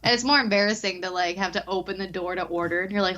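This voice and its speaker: A woman's voice: medium pitch, fast talker, a bit bright, lo-fi sound. A woman co-hosting a podcast, telling self-mocking stories in casual chat and acting out the people in them. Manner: self-mocking, acts out anecdotes. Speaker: podcast co-host.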